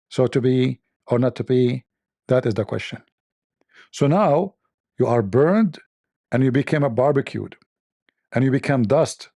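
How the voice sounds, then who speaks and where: A man speaks in a gravelly, dark voice. He hosts a mocking commentary, sarcastic and given to repeating himself. The sound is close and dry. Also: medium pitch, a little slow, long pauses, no room sound. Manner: sarcastic, laughs at own jokes, repeats phrases. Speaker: show host. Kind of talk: mocking religious debate commentary.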